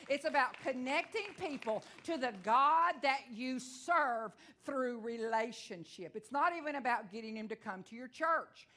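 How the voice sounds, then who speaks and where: A middle-aged woman with a Texan accent preaching a sermon in a folksy, animated way, with frequent amens and asides. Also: a little high.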